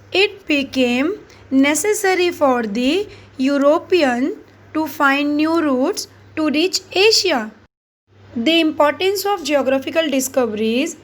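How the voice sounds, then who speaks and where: A woman with an Indian English accent teaches a recorded school history lesson. Her voice sits high, and she reads textbook passages aloud slowly and carefully.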